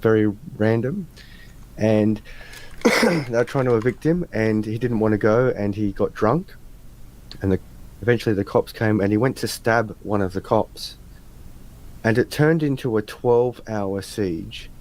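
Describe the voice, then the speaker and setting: An Australian man on a video call, telling casual anecdotes in an animated way, acting out the people in his stories. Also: fairly low pitch, measured pace, long pauses, a little hiss or hum. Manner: animated anecdote teller, acts out voices in stories. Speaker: interviewer. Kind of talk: casual storytelling chat. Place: home room with adjustable lights.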